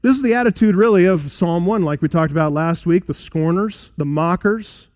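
A man preaching an expository sermon, emphatic, dropping to quiet solemn asides. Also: high-pitched, normal speed, no echo. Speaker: pastor.

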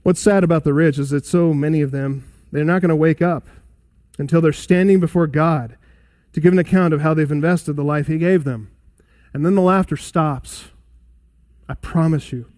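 A man preaching an expository sermon, emphatic, dropping to quiet solemn asides. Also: a little high, normal speed, no echo. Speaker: pastor.

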